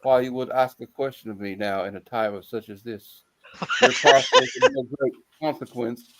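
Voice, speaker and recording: A man's voice: medium pitch, big pitch swings, normal speed, a bit bright, a little hiss or hum, rough recording. A man putting on an impression of a solemn, brooding older man who makes grave, weighty pronouncements. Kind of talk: impression of a famous filmmaker.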